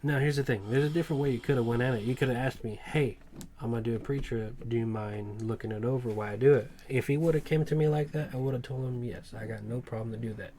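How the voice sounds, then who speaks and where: A man's voice: medium pitch, steady tone, fast, mellow, slight background noise. A man, a truck mechanic, telling a rambling work story in casual podcast chat, with plenty of swearing.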